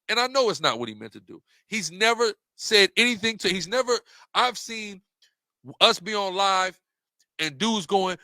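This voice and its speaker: A man's voice: high-pitched, lively intonation, a little fast, sharp tone, dry recording, clean studio sound. A man giving an impassioned, rhetorical monologue while walking through slides, repeating questions for emphasis. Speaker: religious debater presenting slides.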